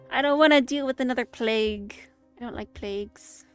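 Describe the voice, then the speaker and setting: A woman's voice: fairly high pitch, a little fast, clear, resonant tone, faint music behind. A woman streaming a movie watch-along, chatting casually with rambling asides and self-interruptions. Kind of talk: casual live commentary. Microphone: streaming setup.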